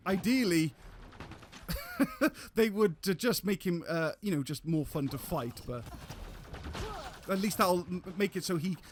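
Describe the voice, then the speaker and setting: Man, gameplay commentary, slightly high voice, rambling, swears casually. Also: normal speed, a little hiss or hum. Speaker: streamer.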